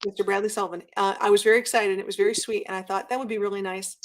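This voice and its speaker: A woman guest chatting casually in an interview, telling stories with lively acted-out quotes. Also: mid-range voice, rapid-fire, background noise. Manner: animated storyteller, acts out quotes. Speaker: guest YouTuber.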